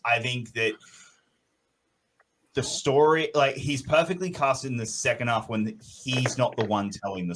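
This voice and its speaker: A man in a casual panel discussion, enthusiastic and halting, restarting his sentences. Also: mid-range voice, fairly bright tone.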